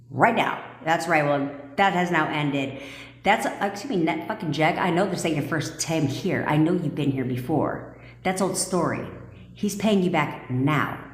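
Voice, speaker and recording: Woman, low-pitched, blunt commanding coach, swears freely, roomy echo. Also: normal speed. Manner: laughs and jokes with viewers. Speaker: manifestation coach. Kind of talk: live-stream coaching talk. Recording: echoey room with long reverb.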